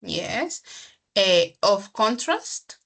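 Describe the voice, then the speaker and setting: A woman teaching an English grammar class, explaining slowly, repeating herself and checking in with the student. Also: mid-range voice, sing-song, gravelly, fairly bright tone, husky.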